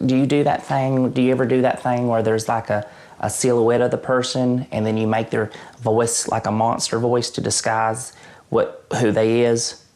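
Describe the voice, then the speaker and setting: A man playing an awkward adult twin brother in a mock documentary interview, halting and rambling, his voice jumping high. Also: little pitch movement, darkish tone, lightly acted. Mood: evasive.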